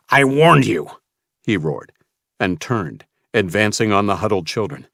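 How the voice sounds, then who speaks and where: Deep-voiced male audiobook narrator. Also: no echo, clean studio sound. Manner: tense storytelling.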